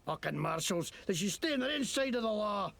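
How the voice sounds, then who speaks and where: An actor playing a crooked, foul-mouthed game character who fakes an exaggerated Scottish brogue and rants indignantly. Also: male voice, high voice, animated, a little fast, a bit bright, exaggerated voice. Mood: ranting. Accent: exaggerated fake Scottish. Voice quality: gravelly, swooping. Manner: ranting, indignant, swears a lot.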